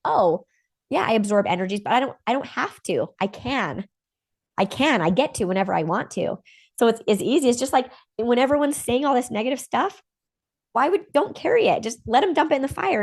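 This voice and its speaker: Brief: enthusiastic woman host, casual spiritual chat, mid-pitched voice. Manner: animated, upbeat, quick asides and laughs. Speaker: podcast host.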